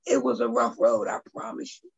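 A woman's voice: rumbling low, wildly swooping pitch, brisk, creaky, husky, lo-fi sound. A middle-aged woman, a guest artist and poet, earnestly telling a personal story on a video call and speaking directly to her listeners.

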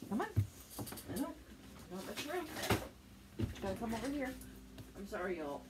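A woman's voice: mid-range voice, sing-song, brisk, heavy background noise. A woman, telling a rambling, self-deprecating story as she crafts at home for her vlog. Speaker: crafting channel host. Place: home, with dogs nearby.

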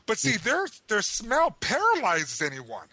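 Man, podcast co-host, somewhat high, bright, dry mic, jokey banter. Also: huge pitch swings, a little slow, no echo. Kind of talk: casual chat.

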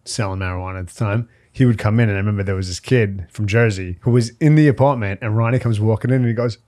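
A man's voice: fairly low pitch, fast, darkish tone. A podcast host, a man, telling crude, joking stories in a casual chat.

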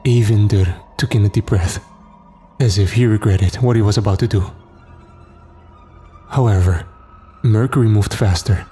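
A man narrating a first-person horror story in a measured, grim way. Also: fairly low pitch, dark tone, faint music behind.

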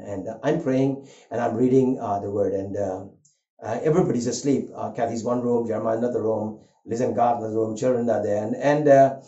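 An older man preaching a sermon, an earnest and animated storyteller who weaves a personal story into his message. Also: medium pitch. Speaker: pastor. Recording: roomy, dull lo-fi sound.

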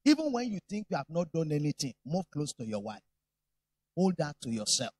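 A man's voice: high-pitched, brisk, no room sound. A man preaching a sermon, telling stories with humor and acting out voices. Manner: animated, humorous storytelling.

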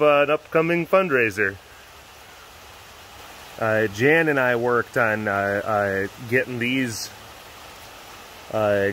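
A man's voice: mid-range voice, poor audio. A man vlogging casually outdoors at a wild animal facility, rambling playfully with lots of fillers. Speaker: big cat keeper and vlogger. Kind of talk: casual vlog talk.

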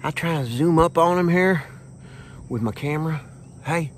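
A man hosting a comic vlog outdoors, talking in a folksy, hushed, deadpan way and tagging phrases with "okay?". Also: on the high side, normal speed, long pauses, slight background noise. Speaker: vlog host playing a self-styled squirrel expert. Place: outdoors under a tree on a farm. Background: faint crickets and insects.

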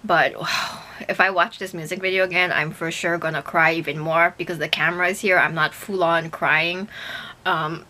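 A woman's voice: fairly low pitch, fairly even intonation, moderate pace, pushed and bright. A young woman reacting to a music video in a casual chat to camera, emotional and gushing, with lots of fillers.

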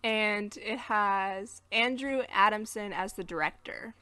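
American woman podcast co-host, bright tone, dry close mic, loose and chatty. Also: medium pitch, takes it slowly, smooth, dry recording. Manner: chatty, laughs at her own slips, recaps plot. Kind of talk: casual movie review chat.

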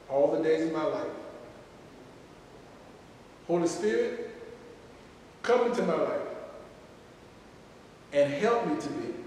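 Male pastor, high preaching voice, far from the mic in a booming hall. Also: slight background noise. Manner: preaching with rising, sung emphasis. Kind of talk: sermon and altar call. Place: large church sanctuary. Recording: echoey hall, distant mic.

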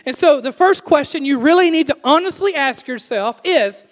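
A man's voice: very high-pitched, lively intonation, moderate pace, long reverb tail. A middle-aged man, a pastor, preaching a sermon earnestly and emphatically, asking his listeners direct questions. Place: church sanctuary.

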